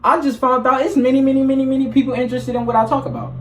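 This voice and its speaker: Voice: high voice, level tone, rapid-fire, slight background noise. A vlogger talking to camera in a loose, rambling, blunt and profane monologue. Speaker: spiritual vlogger. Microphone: camera mic. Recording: echoey room.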